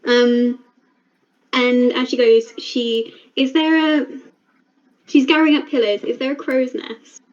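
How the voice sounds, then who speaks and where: A woman with a slightly high voice plays in an online tabletop game, casually narrating her character's actions. Her voice comes through a dull, lo-fi call line. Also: steady tone, takes it slowly. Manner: chatty, describes her character in third person. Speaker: player.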